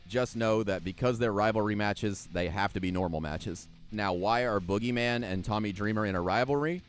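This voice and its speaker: A man's voice: lowish voice, normal speed, faint music behind. A man giving play-by-play wrestling commentary over a video game, sarcastic and jokey and swearing freely. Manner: jokey, laughs at what he describes.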